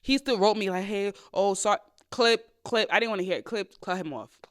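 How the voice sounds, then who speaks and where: A young woman hosts a chatty podcast and tells her dating stories quickly. Her pitch leaps up for loud exclamations and drops low for muttered asides. Her delivery is casual and unfiltered. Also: lively intonation. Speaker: podcast host. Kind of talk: casual storytelling chat.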